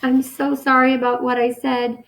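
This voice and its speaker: A woman voicing a gentle, worried young boy who asks his questions softly and hesitantly. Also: a little high, moderate pace, pitched above the performer's own voice, close to an everyday voice. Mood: pleading. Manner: soft, hesitant, pleading.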